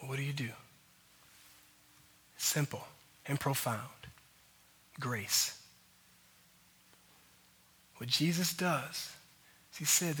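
Male pastor preaching a sermon: husky, bright, high-pitched, drops to hushed intensity and rises to fervent peaks. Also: slow, pauses often.

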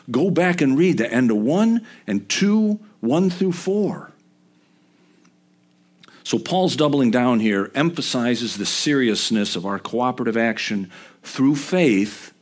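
Middle-aged man, preacher, mid-pitched voice, chatty sermon, emphatic bursts. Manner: emphatic, conversational with sudden rises.

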